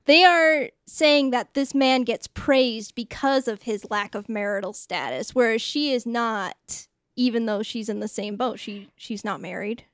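A woman's voice: on the high side, measured pace, few pauses, no room sound. A woman co-hosting a casual movie podcast, retelling scenes and acting out characters' lines with frequent laughter. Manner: animated, acts out characters' lines, laughs often. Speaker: podcast co-host. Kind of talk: casual movie recap chat.

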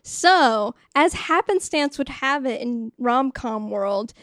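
A woman's voice: sits high, lively intonation, slow pace, a bit bright, no room sound, studio quality. A woman co-hosting a podcast, recapping a movie in casual chat with giggles and acted-out lines. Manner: chatty, giggly, acts out characters' lines. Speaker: podcast co-host.

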